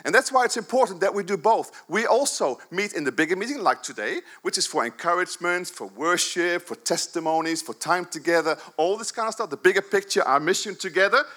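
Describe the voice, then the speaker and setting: A man in his fifties, a pastor giving a jokey, animated sermon at a church service, swinging between loud bursts and soft asides. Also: high voice, brisk, few pauses.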